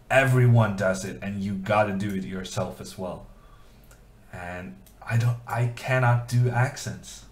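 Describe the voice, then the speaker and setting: A man streaming chess, thinking aloud in a casual, self-deprecating way with many fillers. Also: mid-range voice. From Norway. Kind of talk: casual live-stream commentary. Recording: echoey room.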